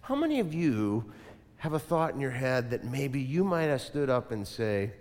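A man preaching a sermon in an animated style, asking the congregation to repeat lines after him. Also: medium pitch, normal speed, big-room sound. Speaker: pastor.

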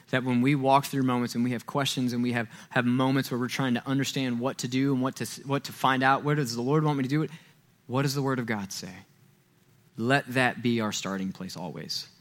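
In a church sanctuary, a male pastor preaches in a casual, conversational way at a brisk pace. His voice sits at an ordinary middle pitch, but he acts out playful quoted voices and gets louder and higher when stressing key points.

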